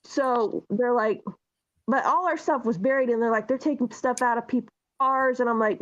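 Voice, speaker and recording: High-voiced profane woman telling stories. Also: normal speed. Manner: animated, profane storyteller. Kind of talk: casual storytelling chat. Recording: dull lo-fi sound.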